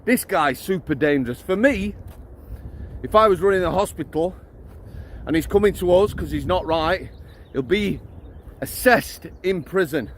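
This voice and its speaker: A man's voice: high voice, lively intonation, moderate pace, pauses often, a little hiss or hum. A middle-aged man, a former prison officer giving a blunt, ranting vlog while out walking his dog. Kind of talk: outdoor walking vlog rant.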